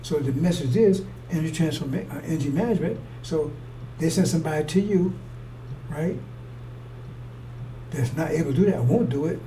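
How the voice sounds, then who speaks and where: A man's voice: a little high, moderate pace, dark tone. A man preaching a rambling, fiery sermon in a blunt, profane way. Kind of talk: fiery street-style sermon. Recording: distant mic with faint noise.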